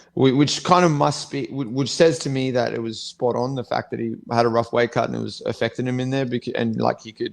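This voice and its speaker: A man's voice: mid-range voice, creaky. A man, co-hosting a podcast as a fighter, talking bluntly and swearing in a rambling casual chat. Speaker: co-host, fighter.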